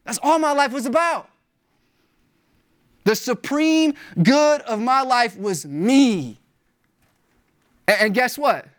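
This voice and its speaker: A pastor preaching a sermon emphatically, repeating key phrases and filling pauses with "uh", with big swings in pitch and loudness for emphasis. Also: lively intonation.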